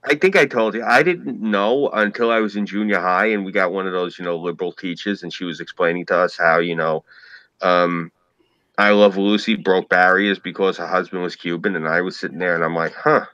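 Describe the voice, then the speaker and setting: A man with a New York accent chats casually on a podcast. He rambles and talks emphatically, often swearing. His lowish voice has a bright, forceful edge, recorded dry and close. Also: steady tone, a little fast, no room sound, dull audio. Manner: rambling, emphatic, profane, heavy use of "like". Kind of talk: casual chat.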